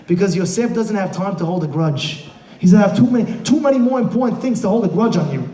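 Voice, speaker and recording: A rabbi with a very high-pitched voice preaches to a live audience. He is emphatic, sinking into quiet asides and then rising to shouted rhetorical questions. The sound carries a strong room echo. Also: animated, quick pace. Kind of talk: motivational sermon. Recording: echoey room.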